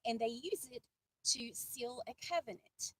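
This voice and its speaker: A woman's voice: fairly high pitch, a little slow, breathy edge. A woman from the American South, giving a casual, chatty devotional talk full of asides and self-deprecating jokes. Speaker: faith vlogger. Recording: distant mic with faint ambient noise.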